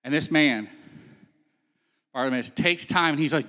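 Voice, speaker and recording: Guy preaching on stage, bright voice, kinda high, lots of hall echo, acts out the quotes. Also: fairly quick. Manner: casual, storytelling, acts out quotes. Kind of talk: sermon-style talk. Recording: long hall reverb.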